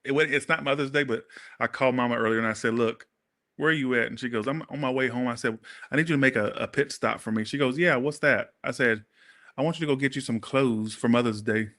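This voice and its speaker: A man doing a casual tarot reading, talking straight to his viewers in a blunt, sassy, animated way. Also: medium pitch, fast talker. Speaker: tarot reader.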